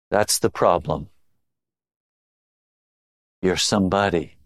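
A middle-aged male pastor preaching a sermon, swinging between low intimate tones and raised emphatic lines. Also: expressive, slow pace, pauses often, no room sound, clean studio sound.

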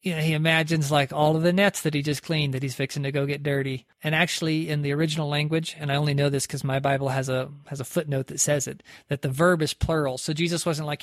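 Man, preacher, conversational storytelling, fairly high voice, dry. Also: fairly even intonation, fast, few pauses, no room sound. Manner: conversational, lots of "like" and restarts. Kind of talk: sermon storytelling.

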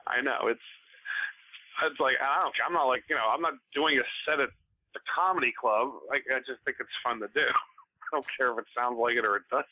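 Podcast guest, a man of middle pitch, relaxed and talkative, heard through a thin phone-line sound. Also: no echo. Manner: easygoing, chatty, quick to laugh along. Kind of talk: casual chat.

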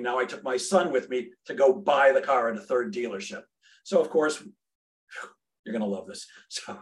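A middle-aged man, a sales trainer and podcast guest, telling a brash, humorous story and acting out the dialogue. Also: mid-range voice.

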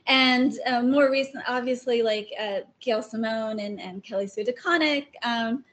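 A woman guest talking casually about her favorite writers, chatty and quick to laugh. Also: a little high, muffled recording. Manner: chatty, laughs often, many fillers. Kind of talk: casual interview chat.

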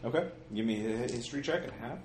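Game master, male, middle pitch, halting delivery full of "uh"s, echoey room with faint hiss. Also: darkish tone. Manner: hesitant, many fillers and hums. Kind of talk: narrating a tabletop horror game.

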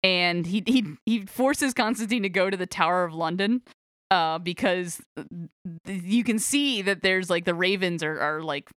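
A woman's voice: lowish voice, normal speed, fairly bright tone, no echo, clean studio sound. A woman co-hosting a podcast, chatting casually and retelling a comic book story in a rambling, giggly way with many fillers and restarts. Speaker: podcast co-host.

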